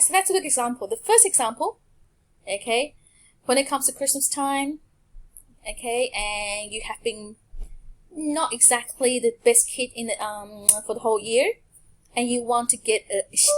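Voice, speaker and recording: A woman with a slightly high voice presents a language lesson on slides, speaking clearly and patiently and stopping so learners can echo her. A little hiss or hum can be heard.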